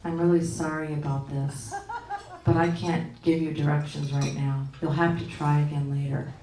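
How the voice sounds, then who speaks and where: Flat machine-like female voice assistant, fake apology, dull tone, done by a woman comic, roomy and distant sound. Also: deep voice, moderate pace, voice pushed down, natural voice. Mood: flat monotone. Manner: monotone, fake-sorry. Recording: roomy, from far off.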